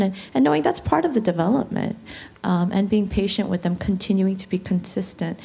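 Gravelly woman speaking reflectively. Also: medium pitch, quick pace, warm tone. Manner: reflective, many "you know" fillers, quotes others' thoughts. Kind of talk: casual discussion.

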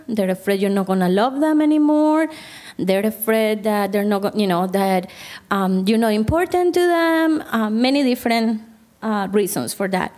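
Higher-voiced woman therapist teaching a group. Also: darkish tone. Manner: conversational, asks the audience questions. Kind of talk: Christian counseling talk to a group.

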